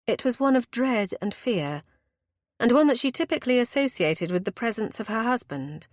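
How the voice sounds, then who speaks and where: A woman narrating a historical romance audiobook in a measured, dramatic way. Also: on the high side, lively intonation, no room sound, studio quality.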